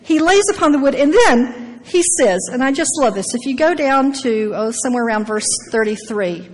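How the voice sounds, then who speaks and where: Her voice a touch high for a woman, this preacher speaks at a moderate pace and in an animated way. Scripture readings give way to emphatic asides, and her words echo with a long reverb through the hall.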